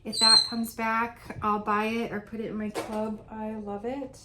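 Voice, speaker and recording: A woman's voice: fairly high pitch, monotone, measured pace, noisy background. A woman vlogging from home in a casual, chatty, rambling way, laughing often as she talks. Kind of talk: casual chat.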